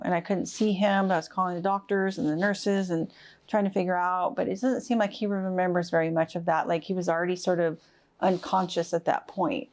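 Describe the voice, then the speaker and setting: A middle-aged woman giving a personal account of her husband's illness, halting with fillers and restarts. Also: lowish voice, a little mellow. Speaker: interviewee, wife of a covid patient. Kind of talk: personal testimony.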